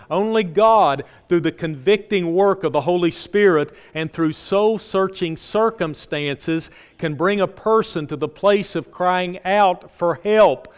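Earnest preaching man in reverberant church. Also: clear, resonant tone. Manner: earnest preaching, repeats phrases for emphasis, drops low and soft at line ends. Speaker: pastor. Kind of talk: sermon. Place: church sanctuary. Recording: long hall reverb.

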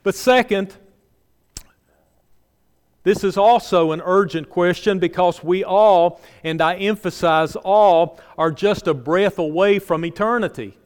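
Male pastor, fairly high, smooth clear voice, earnest and repetitive, church with long reverb. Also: measured pace. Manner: earnest preaching, repeats phrases for emphasis, drops low and soft at line ends. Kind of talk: sermon. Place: church sanctuary.

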